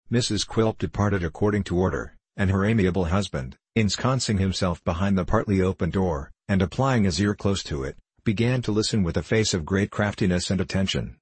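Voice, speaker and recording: A man narrating a classic novel in a measured, even storytelling manner. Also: low-pitched, breathy edge, dry recording. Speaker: audiobook narrator.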